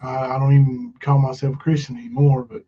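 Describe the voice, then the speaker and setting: A man's voice: mid-range voice, flat delivery, fairly quick, mellow, highs cut off. A man hosting a casual livestream, rambling with many fillers and reading viewer comments aloud. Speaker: livestream host.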